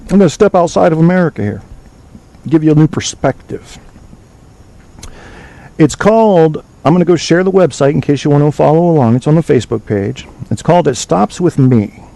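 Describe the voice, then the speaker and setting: A man's voice: fairly high pitch, animated, a little fast, gravelly, dark tone, low-quality recording. A man hosting a talk podcast, lecturing bluntly and swearing freely, reading aloud from a web page now and then. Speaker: podcast host. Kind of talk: opinionated call-in show monologue.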